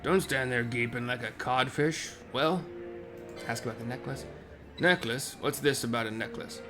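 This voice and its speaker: A man's voice: medium pitch, moderate pace, music in the background, close to an everyday voice. A man voicing a drunk imperial soldier who sneers and threatens. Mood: menacing. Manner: sneering, menacing.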